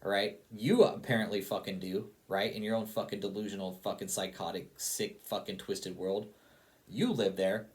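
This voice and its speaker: A man's voice: on the low side, steady tone, normal speed, few pauses. A man talking straight to his viewers in a casual, heated rant, swearing constantly and repeating his points. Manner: heated, profane, repetitive. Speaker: online commentator.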